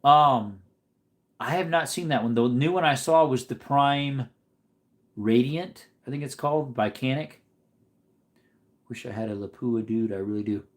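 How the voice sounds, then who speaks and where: A man's voice: mid-range voice, unhurried, long pauses. A man hosting a casual livestream from home, chatting in a laid-back way and answering viewer comments. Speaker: livestream host reading chat. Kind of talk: casual live-stream chat. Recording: echoey room.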